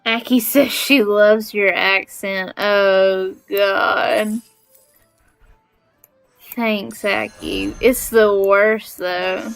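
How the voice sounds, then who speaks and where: A woman with a Southern Alabama accent chats through a home game stream, easygoing and self-mocking. Her voice sits at an ordinary middle pitch. Faint game music hums in the background. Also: steady tone, extremely slow, vocal fry, rough recording. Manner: chatty, self-deprecating. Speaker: livestreamer. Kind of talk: casual chat while gaming. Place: home, sitting on the floor.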